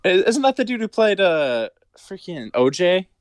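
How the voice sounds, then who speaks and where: A man on a casual podcast with a fairly high voice whose pitch swings a lot. He gives short, hesitant answers. The sound is dry and close. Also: sing-song, measured pace, no echo. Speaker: podcast co-host.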